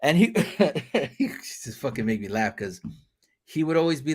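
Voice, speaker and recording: A man's voice: mid-range voice, expressive, moderate pace. Guy hosting a podcast, roasting his buddy, swears a lot, voice jumps all over. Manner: joking and teasing, heavy swearing. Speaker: podcast host. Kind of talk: casual chat.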